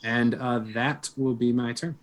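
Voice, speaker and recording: A man's voice: mid-range voice, fairly even intonation, unhurried. A man playing in a tabletop game, hesitantly thinking aloud as he works out his turn. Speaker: player. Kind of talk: tabletop game play over a stream.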